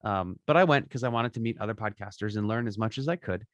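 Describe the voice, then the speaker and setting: A man's voice: on the low side, quick pace, dry recording. A man as a podcaster guest, giving upbeat, chatty advice and tagging his points with "right?". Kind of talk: casual interview advice.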